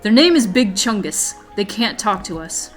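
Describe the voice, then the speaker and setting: A woman's voice: mid-range voice, sing-song, moderate pace, faint music behind, natural voice. A woman voicing a solemn young man who states his sacred mission in stiff declarations.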